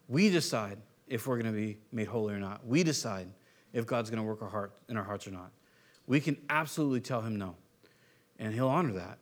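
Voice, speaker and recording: A man giving a casual, conversational sermon as a pastor, relaxed and chatty with slang and frequent restarts. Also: on the high side.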